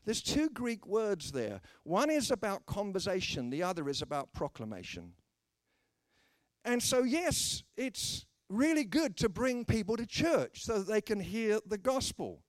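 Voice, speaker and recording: A British man preaching with a bright, swooping voice that climbs and dips as he slips into the voices of people in his stories. His humor is dry and self-mocking. The sound is close and dry, with no room around it. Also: high-pitched, sing-song, measured pace, no echo. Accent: British English. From Britain. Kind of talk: humorous sermon with acted anecdotes.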